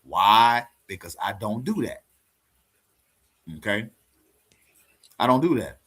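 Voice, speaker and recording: A man's voice: on the low side, expressive, slow, pushed and bright, slightly rough. Joking, teasing male teacher. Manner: jokey, scolding in fun, then rambling. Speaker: teacher of a congregation. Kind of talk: teasing live online teaching. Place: live online meeting with a congregation.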